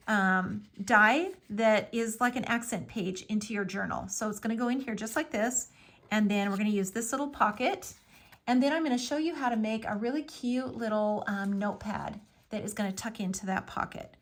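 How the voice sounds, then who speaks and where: A woman's voice: fairly high pitch, a bit bright. A woman giving a casual step-by-step craft tutorial, explaining each move with friendly fillers. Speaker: craft instructor.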